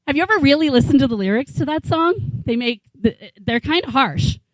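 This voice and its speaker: A woman's voice: sits high, lively intonation, a little fast, no echo, rough recording. A woman in her forties doing a stand-up comedy set in a small bar, rambling and incredulous, swearing freely. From New England, USA. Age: 40s. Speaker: stand-up comic.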